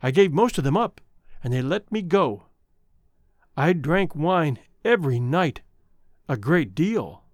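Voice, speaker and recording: A male narrator voices a young woman with a troubled past, speaking earnestly and confessionally. The storybook reading has a lively lilt and a dry, close sound. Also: a little high, unhurried, long pauses, no echo. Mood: confessing. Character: young woman, troubled former chorus girl.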